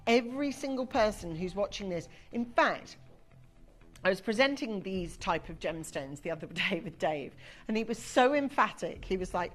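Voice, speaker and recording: A woman's voice: a little high, lively intonation, normal speed, soft background music. Gushing woman selling on live TV. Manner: gushing, chatty sales patter. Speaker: shopping channel presenter. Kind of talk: live TV sales presentation. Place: TV studio.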